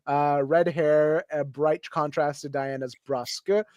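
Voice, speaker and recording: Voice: mid-range voice, fairly even intonation, takes it slowly, a little mellow, dry recording. A host reading a script aloud with commentary, laughing often and stumbling over words. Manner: giggly, with frequent laughs and stumbles.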